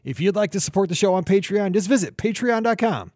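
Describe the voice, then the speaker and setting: A man's voice: high-pitched, expressive, a little mellow, dry recording, clean studio sound. A man hosting a podcast, chatting casually and joking with his co-hosts. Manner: upbeat, joking, quick asides. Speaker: podcast host.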